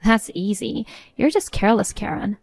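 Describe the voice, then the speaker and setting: A woman's voice: mid-range voice, lively intonation, normal speed, vocal fry, darkish tone, no echo. A woman voicing a spoiled, scheming younger sister who talks in a smug, mocking way. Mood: smug taunting.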